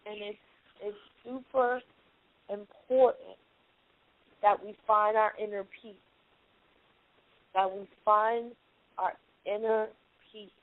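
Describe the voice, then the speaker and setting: A woman's voice: medium pitch, fairly even intonation, slow, long pauses, no echo. A young adult woman hosting a motivational teleconference, earnest and emphatic, often repeating her key lines. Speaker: teleconference host, life coach. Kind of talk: motivational talk on a conference call. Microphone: phone. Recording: tinny phone line.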